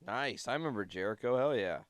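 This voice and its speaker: A young man chatting on a podcast, with a pitch in the ordinary middle range. He mostly drops short, laid-back reactions and quick interjections while the other host tells the story. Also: expressive, no echo, clean studio sound. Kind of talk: casual chat.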